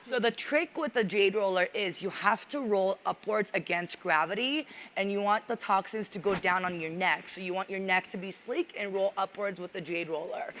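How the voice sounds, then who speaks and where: A woman's voice: mid-range voice, normal speed, hardly any pauses, fairly bright tone, a little hiss or hum. A woman makeup artist on a live beauty panel who explains her routine earnestly and often addresses the audience as "you guys.". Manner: earnest, instructive, keeps saying "you guys". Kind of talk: casual panel talk. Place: live panel on a stage at a fashion event.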